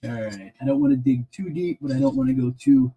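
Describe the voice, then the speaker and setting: A man chatting casually to viewers as he sorts through a bin of toy bricks, rambling and easily excited, with mild swearing. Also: mid-range voice, brisk. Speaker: LEGO reseller vlogger. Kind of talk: casual sorting commentary.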